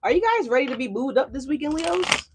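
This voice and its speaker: A woman's voice: high voice, animated, fairly quick, noisy background. A woman doing a casual tarot reading for her channel, chatty and a little profane, calling her viewers y'all. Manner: loose and profane. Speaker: tarot reader. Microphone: desk mic.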